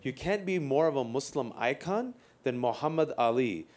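A man moderating a live panel discussion, talking in an impassioned, rhetorical way and slipping in quick jokes. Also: mid-range voice, expressive, darkish tone.

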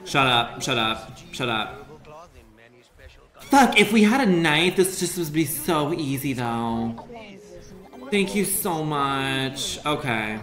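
A man's voice: mid-range voice, expressive, takes it slowly, fairly bright tone, faint music behind. A young adult man doing casual, crude, rambling commentary while streaming a game. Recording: roomy echo with faint ambient noise.

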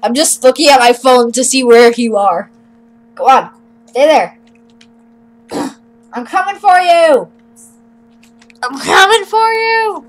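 Young woman, high voice, bouncy pitch, unhurried, playful game chatter. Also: lively intonation. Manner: playful, silly, narrates her own actions. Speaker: channel host playing a game. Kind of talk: casual gameplay chat.

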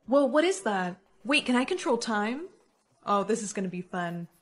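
A young woman in her teens narrating a POV storytime in a lively, sassy manner, with a text-to-speech sound. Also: on the high side, moderate pace. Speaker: narrator and main character.

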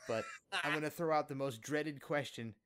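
A man's voice: a little high, moderate pace, a bit bright, a little hiss or hum. A man hosting a podcast, asking rambling, teasing questions in a friendly, casual way. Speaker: podcast host. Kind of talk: casual interview chat.

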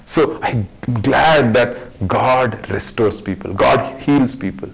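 A man teaching a Bible study as a sermon, fervent and repetitive, swinging between loud urging and hushed tones. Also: medium pitch, slow pace, vocal fry, poor audio.

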